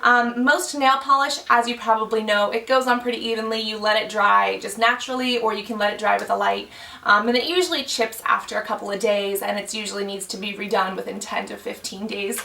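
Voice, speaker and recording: A woman's voice: mid-range voice, fairly even intonation, fairly quick, gravelly, bright, forceful tone, echoey room, far from the mic. A woman beauty vlogger talking casually to camera, chatty, thinking aloud with many fillers. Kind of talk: casual explainer talk to camera.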